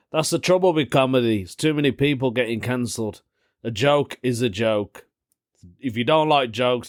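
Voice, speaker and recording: A man's voice: medium pitch, fairly bright tone, dry recording, studio quality. A young man hosting a casual solo podcast, rambling and interrupting himself, often chuckling as he talks. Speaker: podcast host.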